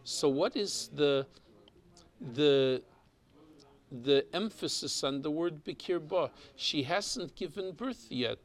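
A man with a teaches a Torah class, moving slowly through each verse. His voice has a gravelly, creaky texture, and he often stops to repeat a word while he thinks. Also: fairly high pitch. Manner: explains Hebrew text, mixes Hebrew and English terms.

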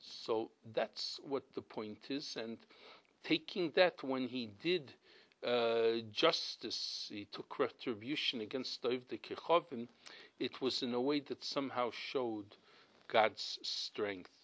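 A middle-aged man leads a weekly religious class, speaking at a steady, mid-range pitch. His delivery is earnest and emphatic, full of restarts and repeated words as he explains each point. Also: slow pace, low-quality recording. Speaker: rabbi teaching a class.

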